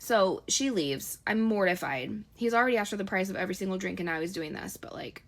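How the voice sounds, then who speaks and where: Young woman storyteller, rapid casual storytime delivery, chatty and exasperated. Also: medium pitch, fairly bright tone. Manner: chatty, exasperated retelling with lots of "like".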